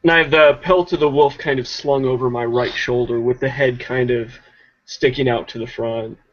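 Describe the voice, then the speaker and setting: A man at a tabletop game asks careful, probing questions. His voice sits at a middle pitch, and the recording sounds dull and lo-fi. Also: fairly even intonation, normal speed. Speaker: player. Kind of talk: casual tabletop play.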